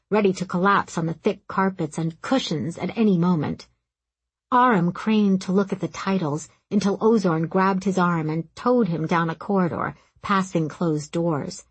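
A woman reading a story aloud, in a calm, steady narration. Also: on the low side, slightly rough, dry recording. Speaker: audiobook narrator. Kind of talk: scripted narration.

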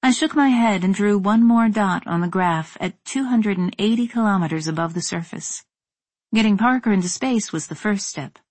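A woman reading a first-person story in a measured, tense narrating voice. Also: mid-range voice, a little mellow, no echo. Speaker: audiobook narrator.

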